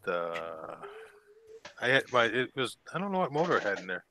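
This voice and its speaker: A man's voice: lowish voice, sing-song, normal speed, bright, forceful tone, a little hiss or hum. A man chatting casually on a live stream, rambling and listing things off one after another.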